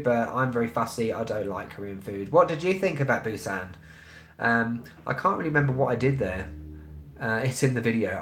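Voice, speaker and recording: A man in his thirties with a London accent hosts a travel live stream, talking bluntly and rambling along with frequent ums. His voice sits at an ordinary middle pitch. The sound carries a roomy echo. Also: fairly bright tone, slight background noise. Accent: London English. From England. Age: 30s. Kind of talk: casual live-stream chat.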